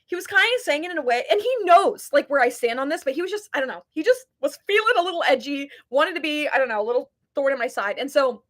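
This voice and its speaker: Twenties woman with a high, chatty voice; earnest live-chat host. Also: lively intonation, fast talker, hardly any pauses. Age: 20s. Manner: chatty, heavy use of "like", earnest and passionate.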